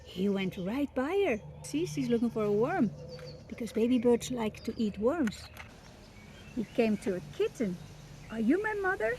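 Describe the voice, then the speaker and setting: Older woman reading a picture book, high voice. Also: a little slow, slight background noise. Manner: animated, expressive. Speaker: storyteller.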